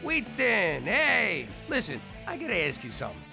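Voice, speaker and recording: Brash cartoon ex-mobster, gravelly and lively. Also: male voice, sits high, moderate pace, music in the background, heavily acted. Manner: gravelly, excitable. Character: brash former mob boss, middle-aged man. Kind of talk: adult cartoon voice acting.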